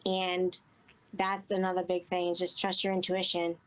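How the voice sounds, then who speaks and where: A woman's voice: fairly low pitch, monotone, normal speed. Earnest rambling woman guest. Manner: rambling, earnest, frequent "you know". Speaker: guest medium. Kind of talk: casual interview chat.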